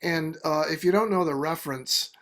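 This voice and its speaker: An older man, a retired poet, thanking the host and setting up his reading over a video call, talking haltingly with many fillers. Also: a little high, a bit bright. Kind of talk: poetry reading.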